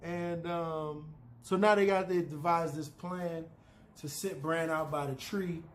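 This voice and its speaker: A man's voice: fairly high pitch, fairly even intonation, a little slow. Chatty man rambling through a recap. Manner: loose, chatty, opinionated, frequent "you know" and "man". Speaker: TV episode recapper.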